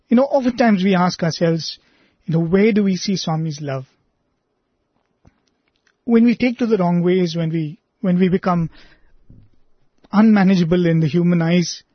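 A man reading a personal testimony aloud in an earnest, measured way, then speaking reflectively to listeners as a presenter. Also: sits high, slightly rough, no echo. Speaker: devotional radio presenter. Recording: dry, slightly dull lo-fi recording.

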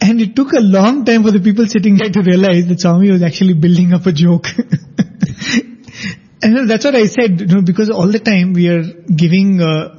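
A man with a high, mellow voice tells anecdotes in an unhurried, conversational manner. His voice is slightly husky, and the audio is dull and lo-fi. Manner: anecdotal, measured, laughs while telling. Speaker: storyteller in a devotional talk. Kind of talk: conversational storytelling.

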